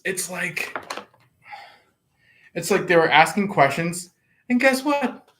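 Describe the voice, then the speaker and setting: A man giving a casual tarot reading, wandering slowly through his thoughts with many fillers and dropping to a soft hush when he voices imagined people. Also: on the high side. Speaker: tarot card reader.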